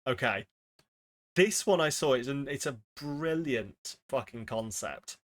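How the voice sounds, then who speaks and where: A man's voice: medium pitch, expressive, measured pace, fairly bright tone. A man streaming live, chatting casually with his viewers and swearing freely while he plays word games. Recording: faint music behind.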